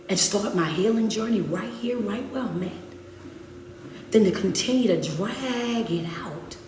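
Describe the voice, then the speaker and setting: A woman motivational speaker, giving a preachy, repetitive pep talk to a live-stream audience and swinging between loud and hushed. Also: medium pitch, far from the mic, slight background noise. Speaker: motivational speaker and life coach. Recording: echoey room, away from the mic.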